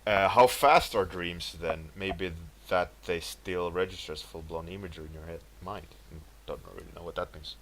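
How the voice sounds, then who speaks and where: This livestreaming artist has a low-pitched, slightly bright voice and speaks at a moderate pace with barely any pauses, over faint background noise. In his casual stream chat he meanders through talk about dreams, laughs often, and reads out chatters' names in greeting.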